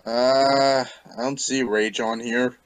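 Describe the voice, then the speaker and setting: Casual male tabletop player, slow and searching, with a dry, close sound. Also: mid-range voice, fairly even intonation, smooth, no echo. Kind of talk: casual tabletop game chat.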